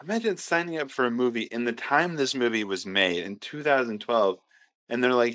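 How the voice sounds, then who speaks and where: A man's voice: medium pitch, normal speed, fairly bright tone, no room sound. A man co-hosting a casual podcast, laid-back and jokey, who swears casually. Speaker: podcast co-host. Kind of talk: casual chat.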